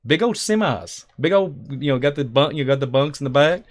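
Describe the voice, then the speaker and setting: A man's voice: a little high, expressive, a little fast. A man telling stories on a talk show, emphatic and rambling, acting out the voices of people in his stories. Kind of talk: animated storytelling on a talk show.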